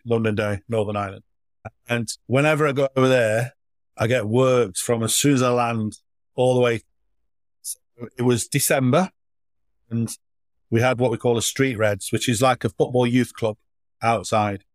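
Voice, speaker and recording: Man telling warm anecdotes in a dry, close recording. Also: mid-range voice, fairly even intonation, normal speed, no room sound. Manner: anecdotal, acts out children's voices in his stories. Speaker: charity foundation chief executive, guest. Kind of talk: relaxed interview storytelling.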